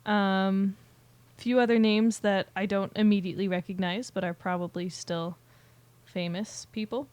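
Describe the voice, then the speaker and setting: A woman's voice: medium pitch, clear, resonant tone, dry recording. A young woman co-hosting a casual podcast, describing a film she likes, with plenty of ums and short agreeing sounds. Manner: relaxed, fills pauses with "um" and short agreeing sounds. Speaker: podcast co-host. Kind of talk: casual chat about movies.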